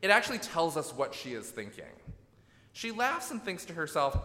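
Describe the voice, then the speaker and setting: A man preaching a sermon in a reflective, gently emphatic way, often checking in with "right?". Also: on the high side, sing-song, normal speed. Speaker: pastor. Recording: echoey hall.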